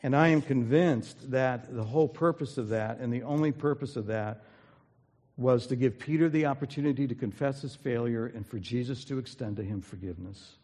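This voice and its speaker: A pastor with a medium-pitched, slightly mellow voice preaches at a moderate pace, earnest and emphatic, building energy as he retells a story. He's recorded in a church sanctuary with the long reverb of a large hall.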